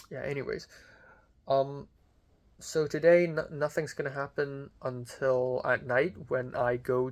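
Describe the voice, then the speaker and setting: Young guy, diary vlog, loose rambling delivery full of ums and cussing, mid-range voice. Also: medium pitch. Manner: rambling, lots of fillers, casual swearing. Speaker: vlogger.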